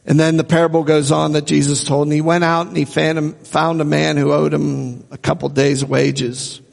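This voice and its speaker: Gravelly preaching man in a hall. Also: a little high, little pitch movement, moderate pace. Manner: earnest preaching, repeats phrases for emphasis. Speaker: pastor. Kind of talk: sermon.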